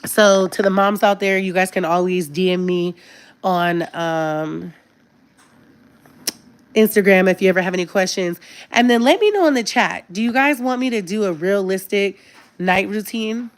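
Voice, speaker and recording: A woman's voice: medium pitch, moderate pace. A woman in her thirties hosting a casual live stream, talking candidly and earnestly about parenting.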